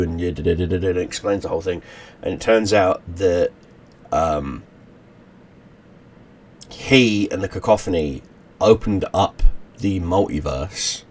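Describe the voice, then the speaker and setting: A man hosting his channel, casually retelling a story he wrote, rambling with many restarts and fillers. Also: sits low. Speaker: channel host. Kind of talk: casual story recap to camera.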